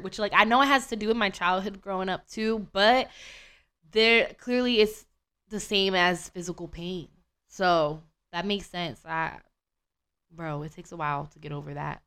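A woman's voice: medium pitch, clean tone. Slangy young American woman podcaster. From United States. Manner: slangy and animated, lots of "bro" and "like". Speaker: podcast host. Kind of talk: casual chat.

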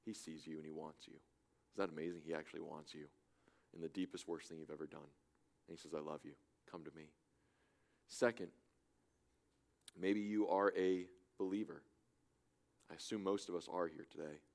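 A man preaching a sermon as a church pastor, swinging between loud urgent appeals and hushed, soft pleas. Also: very deep voice, steady tone, moderate pace, gravelly, long pauses. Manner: impassioned, swings from loud urging to hushed softness. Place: church in Germany.

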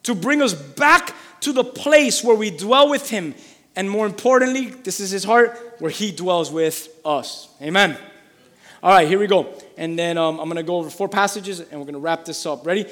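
A man preaching a sermon as pastor, fervent and repetitive, building up to shouting. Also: high voice, animated, normal speed, in a large hall. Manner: fervent, repeats phrases for emphasis, builds to shouting.

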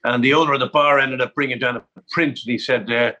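A man's voice: medium pitch, steady tone, quick pace, bright, forceful tone, highs cut off. An Irish man telling golf anecdotes on a panel in a chatty way, often repeating words as he starts a sentence. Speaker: panel guest. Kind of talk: anecdotal storytelling.

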